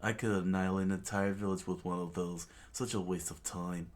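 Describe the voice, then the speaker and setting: A man voicing a ruthless, boastful male pirate captain who makes loud, domineering threats. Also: sits low, fairly even intonation, a little fast, natural voice. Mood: scornful.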